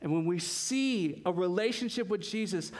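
A young man preaching a sermon in a lively, conversational way, with casual asides. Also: high-pitched, normal speed. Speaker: pastor.

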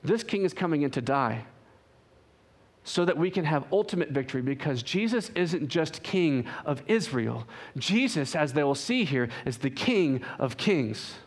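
A man preaching with a high voice. He swings from punchy, raised emphasis to quiet, slowed-down phrases, with a dramatic sermon delivery. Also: sing-song. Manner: dynamic preaching, swings from loud emphasis to hushed drawn-out phrases.

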